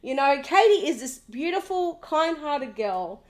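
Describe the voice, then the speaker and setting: Woman, high-pitched voice, gossipy reality TV recap, animated, sarcastic, mimics people. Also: unhurried.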